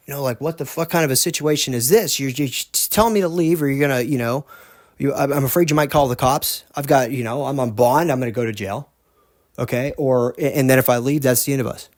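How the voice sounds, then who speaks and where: A man hosting a podcast, earnestly telling a personal story in a halting way, often restarting his sentences. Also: mid-range voice, a little mellow, no echo. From United States. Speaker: podcast host.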